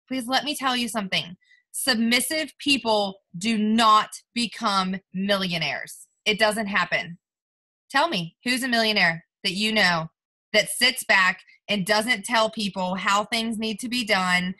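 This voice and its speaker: A woman's voice: mid-range voice, unhurried, bright, forceful tone. A woman leading her sales team in a motivational call, talking directly and emphatically, with chatty "like" and "right?" tags.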